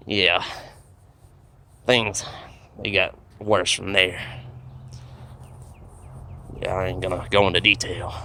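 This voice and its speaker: A man's voice: low voice, pushed and bright. A man telling a rambling comedic story in a laid-back drawl, full of fillers.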